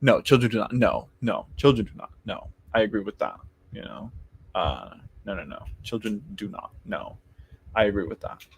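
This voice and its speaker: A man's voice: on the low side, animated, normal speed, vocal fry, breathy edge. A man hosting a casual live tarot chat, rambling with many restarts and laughing easily as he talks to viewers.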